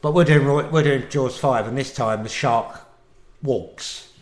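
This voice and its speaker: A man's voice: mid-range voice, unhurried. A man co-hosting a podcast in casual, crude banter, spinning jokey tall tales, recorded in an echoey room. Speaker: podcast co-host.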